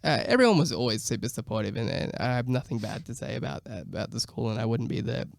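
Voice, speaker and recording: A man's voice: medium pitch, animated, quick pace, gravelly, no room sound, clean studio sound. A young man, a guest musician, telling stories in a laid-back way on a casual podcast, often laughing. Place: podcast studio.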